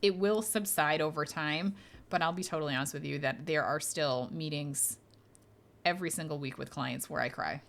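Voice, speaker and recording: A woman's voice: low-pitched, moderate pace, vocal fry, a bit bright. A woman hosting a casual podcast as a medium, chatty and reassuring as she answers listener questions. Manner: chatty and reassuring, frequent fillers, laughs lightly.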